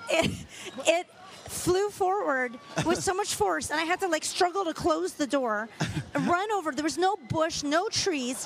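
A woman's voice: high-pitched, slight background noise. A woman hosting a podcast, telling frank stories in casual chat and laughing often. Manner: candid storyteller, laughs often. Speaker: podcast host.

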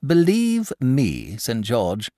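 A man's voice: medium pitch, huge pitch swings, drawn-out words, warm tone, no room sound, studio quality, voice pushed up, heavily acted. A man voicing a timid, genteel male dragon who talks nervously and gets easily flustered, in a storybook reading. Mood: stubborn, triumphant.

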